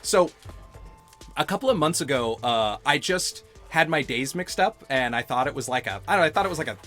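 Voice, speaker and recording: A man co-hosting a gaming podcast, talking in a rambling, animated way and laughing often. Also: medium pitch, a little fast, soft background music. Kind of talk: casual chat while playing a game.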